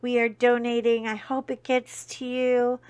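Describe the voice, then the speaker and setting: A woman's voice: a little high, level tone, unhurried, clean tone. A middle-aged woman, hosting a casual coloring vlog and chatting with her viewers, telling stories with bursts of laughter. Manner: chatty, warm-hearted storyteller with bursts of laughter.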